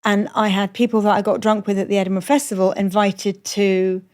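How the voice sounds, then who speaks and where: Her voice sits at medium pitch, a little mellow, delivered flatly and a bit fast. She's a middle-aged Iranian comedian on a podcast recorded on a moored boat, telling candid stories at her own expense and swearing without restraint.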